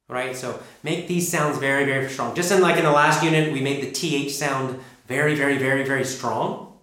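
A man teaching an English pronunciation lesson, drilling sounds and words slowly and emphatically. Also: mid-range voice, a bit bright. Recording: echoey room.

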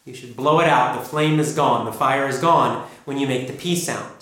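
A man teaching an English pronunciation lesson, drilling sounds and words slowly and emphatically. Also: mid-range voice, fairly bright tone, a little hiss or hum. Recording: echoey room.

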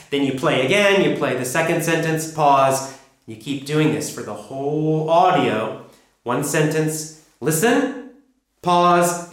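A man giving an English pronunciation lesson, speaking emphatically and deliberately, repeating his key instructions. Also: mid-range voice, a bit bright. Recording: very echoey room.

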